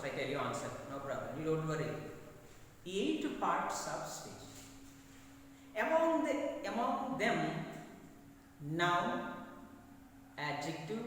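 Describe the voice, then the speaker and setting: Slow, emphatic male teacher in echoey room. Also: sits high, a bit bright, slight background noise. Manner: slow, repetitive, emphatic explaining. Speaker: English teacher. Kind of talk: classroom grammar lesson. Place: classroom. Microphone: far from the mic. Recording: echoey room recorded from far off.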